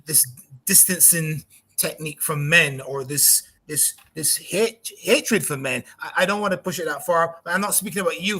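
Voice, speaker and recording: A man on a radio talk panel, speaking in a measured, explaining way. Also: fairly high pitch, sharp tone.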